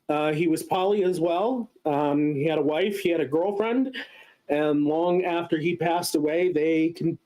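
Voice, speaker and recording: A man with a fairly high voice walks listeners through a theory in a casual lecture. He talks in a loose, explanatory way and fills his pauses with ums and uhs. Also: dark tone, poor audio. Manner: explanatory, many filler sounds. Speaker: guest speaker.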